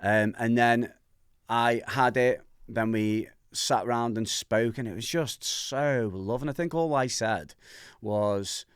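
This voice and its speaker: A host from Merseyside, telling a candid personal story on a podcast and acting out the voices in it. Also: male voice, mid-range voice, slow pace, clear, resonant tone, dry recording, clean studio sound. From Merseyside, England. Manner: animated, acts out voices in his anecdotes.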